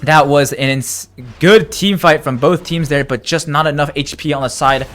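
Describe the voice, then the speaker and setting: A man doing live play-by-play commentary of an esports match, getting loud and excited during big plays. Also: on the high side, moderate pace.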